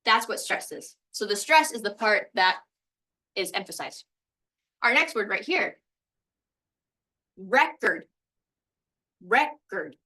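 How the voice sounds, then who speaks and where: A woman's voice: medium pitch, lively intonation, a little slow, pushed and bright, far from the mic, low-quality recording. A woman teaching a recorded language lesson, explaining pronunciation step by step. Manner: explanatory, walks through examples step by step.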